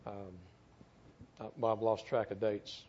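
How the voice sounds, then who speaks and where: A man's voice: lowish voice, level tone, a little slow, dark tone, lo-fi sound, slight background noise. A middle-aged man tells a story in a sermon, speaking earnestly and often repeating words as he goes. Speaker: church speaker, former firefighter.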